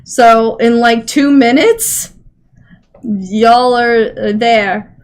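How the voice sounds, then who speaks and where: A woman narrating a tabletop game as its game master, chatty and giggly, often rambling and filling gaps. Her voice sits a little high for a woman. She takes her time and never rushes. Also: smooth. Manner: casual, giggly, rambling with fillers.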